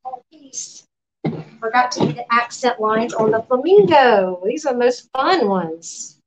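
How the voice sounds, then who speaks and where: A woman running a live painting demo in her art studio, relaxed and often murmuring to herself as she works. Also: a little high, unhurried, a little hiss or hum, rough recording. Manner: relaxed, talks to herself while working, often quiet and off-mic. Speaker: painting instructor.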